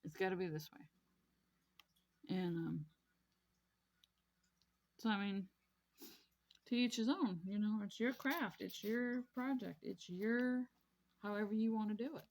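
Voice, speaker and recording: A woman's voice: mid-range voice, measured pace, long pauses, darkish tone. A woman vlogging casually about her craft hobby, rambling and repeating herself in an easygoing way. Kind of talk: casual chat while crafting.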